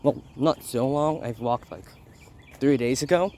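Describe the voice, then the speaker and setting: A man's voice: medium pitch, a little slow, a little mellow, slight background noise. A young man hosting a casual vlog while walking outdoors, slightly sick, rambling and interrupting himself with frequent laughs. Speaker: vlog host. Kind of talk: casual rambling walk-and-talk. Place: outdoors on a neighborhood walk. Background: birds and a barking dog outdoors.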